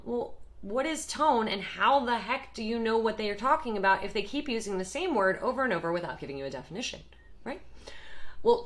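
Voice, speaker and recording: A woman explaining parenting communication in a lively, emphatic teaching talk, acting out short example voices. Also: mid-range voice. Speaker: parenting educator.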